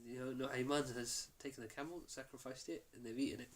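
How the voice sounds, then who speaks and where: A male teacher tells a story to his class, acting out each quoted line with energy. His voice sits at a medium pitch. The lesson is recorded in a mosque. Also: fairly even intonation, brisk.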